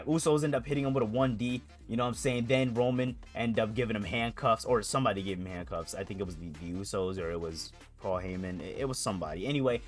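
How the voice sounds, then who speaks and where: Guy rambling about wrestling, swears a lot, keeps saying you know what i'm saying, mid-pitched voice, bit of music underneath. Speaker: wrestling vlogger. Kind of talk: casual recap chat.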